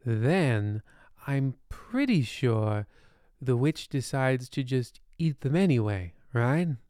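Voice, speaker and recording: A man narrating a comic bedtime story in a deadpan, rambling way with ominous asides. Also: medium pitch, slow, clear, resonant tone, no echo, clean studio sound.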